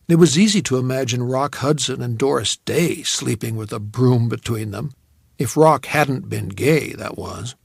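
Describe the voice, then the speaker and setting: A man reading a novel aloud as an audiobook narrator, in a measured storytelling manner. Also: mid-range voice, vocal fry, husky, dry recording, clean studio sound.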